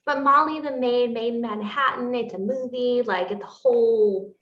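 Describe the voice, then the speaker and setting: A woman's voice: a little high, moderate pace. A woman co-hosting a book podcast, chatting in a rambling way, full of fillers. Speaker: podcast co-host. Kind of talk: casual book review chat. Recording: roomy, dull lo-fi sound.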